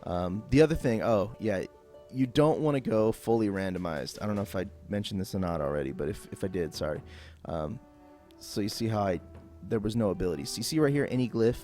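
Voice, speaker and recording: A man's voice: fairly low pitch, animated, fairly quick, few pauses, mellow, soft background music. A man talking through a game tutorial off the cuff, casual and rambling with lots of fillers. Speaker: gameplay tutorial host. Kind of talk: unscripted game tutorial voice-over.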